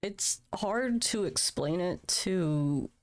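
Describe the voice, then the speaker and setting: A woman's voice: lowish voice, animated, very slow. A woman in her thirties, a streamer, talking candidly and emotionally on a livestream from home, swearing casually. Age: 30s. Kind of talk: candid personal talk on a livestream. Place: home room.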